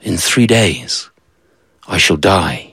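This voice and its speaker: Solemn dying tree spirit in a spoken folktale, slow and low, dry recording, put on by a male storyteller. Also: animated, fairly bright tone, breathy edge, no echo, exaggerated voice. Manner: slow, low, measured pronouncements.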